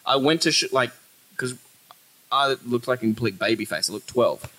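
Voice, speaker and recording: A man's voice: medium pitch, normal speed, a bit bright, low-quality recording. A man in his thirties with an Australian accent, a podcast co-host telling stories in casual chat, swearing freely and breaking into laughter.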